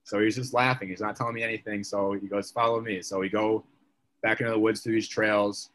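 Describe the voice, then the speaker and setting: Low, flat-voiced young man telling a story. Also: brisk. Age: young adult. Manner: chatty, filler-heavy, leans on "like". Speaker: podcast guest. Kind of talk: casual storytelling.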